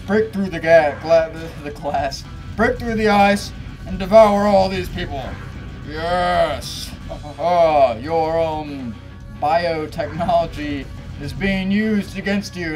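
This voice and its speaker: Excitable gamer shrieking over game music. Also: mid-range voice. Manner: laughs often, swears casually. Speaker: let's play gamer. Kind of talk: gameplay commentary.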